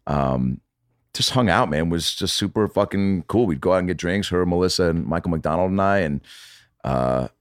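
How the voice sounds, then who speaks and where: The clean studio recording, free of room sound, captures a man's deep voice at normal speed. Guesting on a podcast in casual chat, he animatedly tells stories, swearing and acting out quotes.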